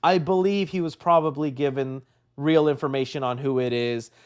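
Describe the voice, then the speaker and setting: A young man hosting a live stream, rambling and excitable, saying "dude" often and laughing a lot. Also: mid-range voice, moderate pace, smooth. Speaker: livestream host. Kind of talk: casual live-stream chat.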